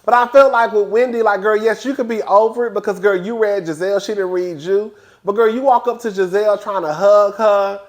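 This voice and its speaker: A man reviewing a reality TV episode in casual, animated, gossipy commentary. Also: a little fast. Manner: animated, gossipy, acts out quotes in high voices.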